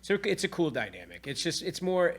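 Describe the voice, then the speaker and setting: A man's voice: on the high side, big pitch swings, a little fast. A man co-hosting a casual podcast chat in a studio, upbeat and often restarting his sentences. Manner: upbeat, talks in restarts and repeats. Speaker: podcast co-host. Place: recording studio.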